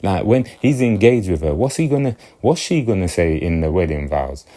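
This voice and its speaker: A man talking in a very low, deep voice. His casual monologue rambles and loops back on itself. He keeps asking whether the listener gets what he means. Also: expressive, fairly quick, few pauses, dark tone. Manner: rambling, repeats himself, keeps checking "you get me". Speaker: commentator.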